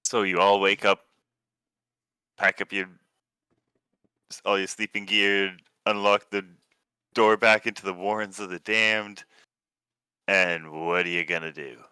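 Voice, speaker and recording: A very deep male voice with a bright, crisp edge, narrating as game master. He speaks in a relaxed, slightly halting way, and the sound is close and dry. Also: no room sound. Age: young adult to middle-aged, a parent. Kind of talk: narrating a tabletop game over a call.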